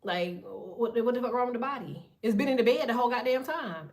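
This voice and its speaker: A woman with a slightly high voice gives a casual tarot reading. She talks bluntly, swears constantly and lectures her listener like a friend who has no patience left. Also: expressive, fairly quick, a little mellow. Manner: blunt and profane, preachy. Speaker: tarot reader.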